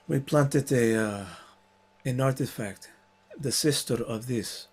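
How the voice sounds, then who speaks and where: Male tabletop player, steady explainer, pauses and restarts. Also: medium pitch, slightly rough. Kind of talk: in-character tabletop role-play.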